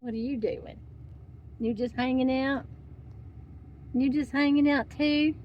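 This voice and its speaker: A woman's voice: high-pitched, fairly even intonation, unhurried, pauses often, poor audio. A woman vlogging from inside a vehicle and cooing at her dogs in baby talk. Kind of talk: casual vlog chat. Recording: loud vehicle noise behind.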